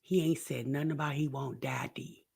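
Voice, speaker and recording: A woman's voice: extremely low pitch, fairly even intonation, normal speed, vocal fry, a little mellow, husky. A woman hosting a reaction video, giving blunt, sassy commentary and speaking straight to the person on screen.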